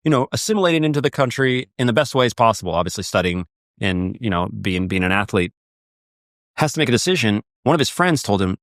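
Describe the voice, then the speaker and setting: Low-voiced man telling a story. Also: quick pace, no room sound, clean studio sound. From United States. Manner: animated storytelling with many fillers and repeats. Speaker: podcast guest. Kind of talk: conversational podcast discussion.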